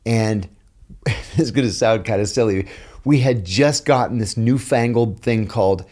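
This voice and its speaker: A man's voice: lowish voice, unhurried. A middle-aged man from western Pennsylvania, telling stories as a podcast guest and acting out quotes. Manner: animated anecdotes with acted-out quotes. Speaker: podcast guest, former intelligence officer. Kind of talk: storytelling in a conversational interview.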